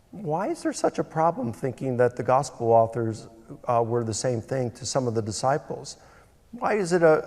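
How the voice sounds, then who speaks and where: A man's voice: medium pitch, a little mellow. Male debater, conversational questioner, hall echo. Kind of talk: cross-examination in debate. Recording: reverberant hall.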